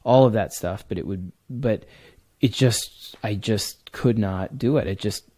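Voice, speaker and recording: A man's voice: lowish voice, unhurried, warm tone. A man, a comic book writer, talking earnestly and rambling in a casual interview. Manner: earnest, rambling, with many restarts.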